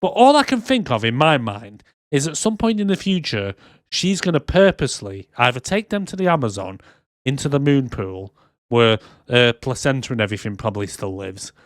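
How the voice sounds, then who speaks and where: A man co-hosting a casual movie review podcast, sarcastic and quick to swear as he acts out scenes. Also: medium pitch, very animated, dry recording, clean studio sound. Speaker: podcast co-host.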